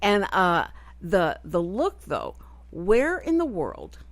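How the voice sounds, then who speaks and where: Texan woman radio host, lowish voice, dry studio sound, chatty and rambling. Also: wildly swooping pitch, slow pace, dry recording. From Texas. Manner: chatty, rambling, self-deprecating. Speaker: radio talk show host. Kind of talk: casual chat.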